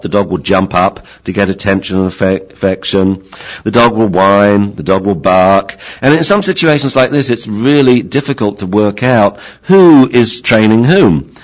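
A man's voice: on the low side, poor audio. An older man, a dog trainer, giving an informal lecture in a chatty way, often repeating his words and acting out dogs and owners.

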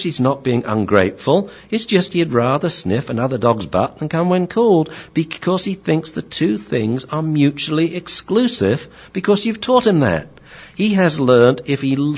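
Animated man hosting a radio talk show. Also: medium pitch, husky, highs cut off. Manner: animated, explains with acted-out examples. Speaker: dog trainer and radio show host.

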